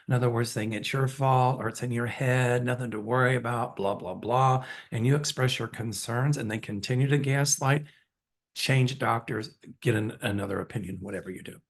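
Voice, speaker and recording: A man's voice: mid-range voice, normal speed. A man hosting his own channel, earnestly and candidly retelling a personal story with open emotion. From Chicago area, US. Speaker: channel host, psychic.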